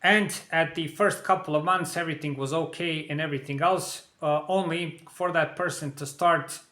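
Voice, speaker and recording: A man recounts a personal story in a plain, conversational manner, dropping "you know" as he goes. His voice is bright and sits a little high. The room around him is echoey. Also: steady tone, moderate pace. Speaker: vlogger.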